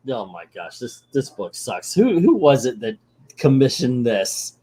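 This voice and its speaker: An older man recapping a comic book in a casual, sarcastic way, mocking the story and acting out its lines in quick voices. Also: mid-range voice, big pitch swings, dark tone, breathy edge.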